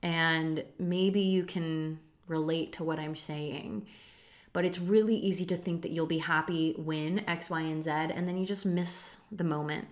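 Earnest low-voiced woman podcaster in her thirties. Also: steady tone, measured pace. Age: 30s. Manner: earnest and confessional, with casual swearing. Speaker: podcast host. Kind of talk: reflective solo podcast talk.

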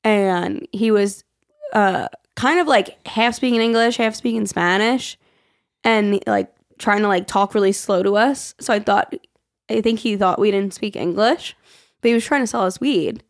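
A young woman with a hoarse, worn-out voice tells stories on a casual podcast. Her voice has a gravelly rasp and she slips into impressions of the people she talks about. The sound is dry and close. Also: medium pitch, measured pace, no echo. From New York. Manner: chatty storyteller, mimics people. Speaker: podcast co-host. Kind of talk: casual chat.

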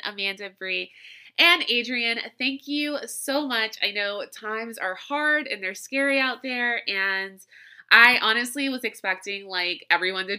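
Female podcast host, very bright tone, casual rambling monologue with frequent laughs. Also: on the high side. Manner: chatty, rambling, laughs often.

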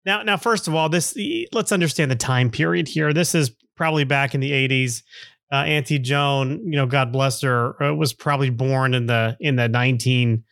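A man's voice: mid-range voice, a bit bright, no echo, studio quality. A man in his fifties hosting a podcast, telling a personal story in a rambling way with chuckling asides. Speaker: podcast host.

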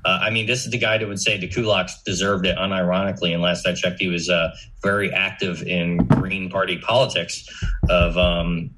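A man's voice: low voice, level tone, normal speed, very noisy. A man as a podcast guest in casual chat, offhand and opinionated, swearing now and then.

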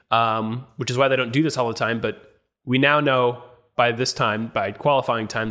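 A man with a bright, forceful voice at a middle pitch. He co-hosts a podcast, reading a list of names with steady pauses between them. His tone stays chatty and easy. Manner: reads lists with measured pauses. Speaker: podcast co-host. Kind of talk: casual chat and reading a race grid.

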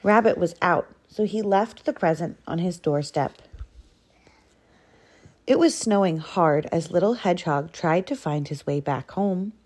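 A woman reads a children's picture book aloud in an expressive storytelling manner. She takes her time, and her pitch rises and falls a lot. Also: a little slow. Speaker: storybook reader.

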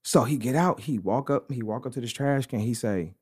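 A man's voice: mid-range voice, a little fast, breathy edge. A young adult man co-hosting a podcast, telling a story in slangy casual chat and saying "bro" often. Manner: slangy, animated anecdote telling with repeated "bro". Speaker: podcast co-host.

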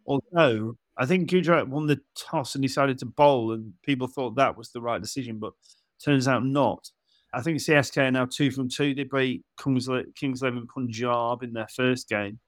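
A man's voice: mid-range voice, normal speed, no echo. An English man in his forties tells travel stories on a podcast, laughing as he acts out what people said to him. His voice sits in a middle register and is recorded dry and close. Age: 40s. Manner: chatty storyteller, laughs and acts out dialogue. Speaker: podcast co-host. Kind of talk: casual podcast chat.

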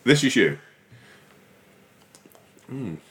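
A man's voice: mid-range voice, big pitch swings, very slow, fairly bright tone. A young man co-hosting a podcast in casual chat, teasing and laughing often. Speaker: podcast co-host.

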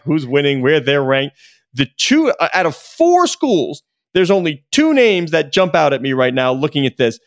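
Animated, joking male podcast host. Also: on the high side, gravelly, no room sound, clean studio sound. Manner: joking, self-deprecating, lively. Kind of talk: casual podcast chat.

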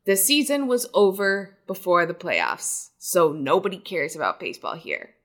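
Bright, animated woman in casual chat. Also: lowish voice, normal speed. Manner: animated, rambling, self-deprecating. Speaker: podcast co-host. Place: New York City.

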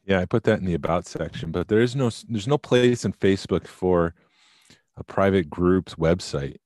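Deep-voiced tired man co-hosting a podcast. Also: moderate pace, no echo, studio quality. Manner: relaxed, rambling, with fillers. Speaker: podcast co-host. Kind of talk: casual podcast chat.

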